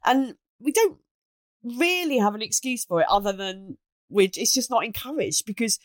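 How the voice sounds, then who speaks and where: A woman, a comedian guest on a podcast, telling stories quickly and laughing often. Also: on the high side, expressive, dry recording, clean studio sound. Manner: quick laughing storyteller, swears freely. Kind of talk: comic banter.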